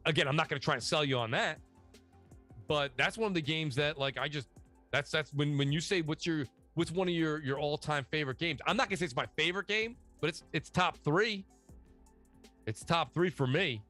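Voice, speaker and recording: Animated man telling gaming stories. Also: fairly high pitch. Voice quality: animated, storytelling with slangy asides. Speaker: podcast guest. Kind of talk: casual gaming chat.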